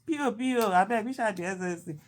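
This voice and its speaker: A Nigerian woman talks in a loose, animated monologue. She repeats herself for emphasis and drops Pidgin phrases into her English. Her voice sits at a middle pitch for a woman. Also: fast, background noise. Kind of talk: casual monologue.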